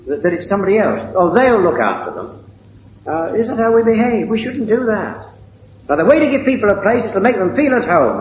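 An older man delivers a sermon in a chatty, questioning way, often checking in with his listeners. His pitch rises and falls in a lively, animated way. The audio is thin and phone-like, with hall echo and a faint hiss underneath. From England. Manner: conversational, with frequent rhetorical questions. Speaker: preacher.

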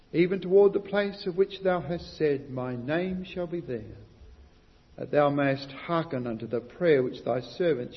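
Emphatic preacher in a reverberant hall. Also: male voice, on the high side. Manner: rises to loud emphatic stresses, asks the listeners questions. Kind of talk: sermon. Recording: muffled recording with long hall reverb.

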